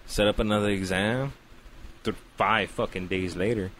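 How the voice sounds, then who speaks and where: A man voicing a calm, matter-of-fact male doctor, a little quieter and lower than his own talk. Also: normal speed, a little hiss or hum, lightly acted.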